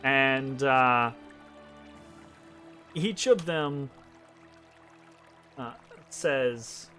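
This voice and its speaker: A man runs a tabletop game as game master. He talks slowly and fairly high, and he pauses often with ums and restarts. Faint music plays under his voice. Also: expressive, fairly bright tone. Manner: hesitant, many ums and restarts.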